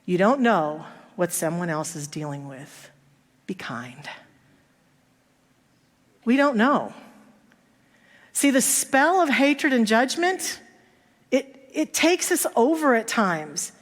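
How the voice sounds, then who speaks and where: Her voice sits on the high side and swings widely in pitch as she slowly preaches a sermon in a church sanctuary. This woman minister tells stories and acts out the quoted voices, with the hall's reverb audible.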